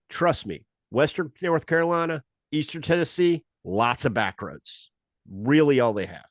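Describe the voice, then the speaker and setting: A man, a comedian guest on a podcast, telling a rambling, animated story with comic timing in a casual chat. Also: medium pitch, a little slow, no echo, clean studio sound.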